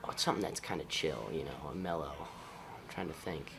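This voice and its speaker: A high school senior football player from Ohio with an Ohio accent, answering interview questions in an easygoing, upbeat way. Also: male voice, a little fast, vocal fry, fairly bright tone, slight background noise. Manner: upbeat, easygoing, laughs often.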